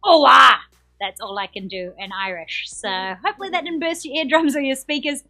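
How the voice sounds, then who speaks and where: Bubbly high-voiced woman with a New Zealand accent. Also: lively intonation, fairly quick, fairly bright tone. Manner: upbeat, chatty, reads out viewer comments. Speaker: quiz show host. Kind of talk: live-streamed trivia hosting.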